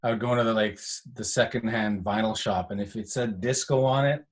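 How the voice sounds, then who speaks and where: A man's voice: fairly low pitch, fairly quick. A man hosting a casual chat, telling stories in a rambling way, full of "like" fillers. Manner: rambling, animated storyteller with many "like" fillers. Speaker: host.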